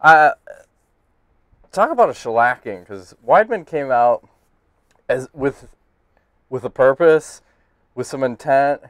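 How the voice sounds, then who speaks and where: A man's voice: mid-range voice, animated, slow pace, pauses often, fairly bright tone, no echo, studio quality. A man co-hosting a casual podcast, talking bluntly with lots of swearing and laughing banter. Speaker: podcast host.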